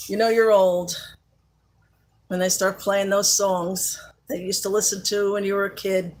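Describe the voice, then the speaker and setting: A woman's voice: mid-range voice, flat delivery, normal speed, a little hiss or hum. A woman with a Central New Jersey accent, hosting a casual live chat with viewers, chatty and laughing often, with many fillers. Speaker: live-stream host.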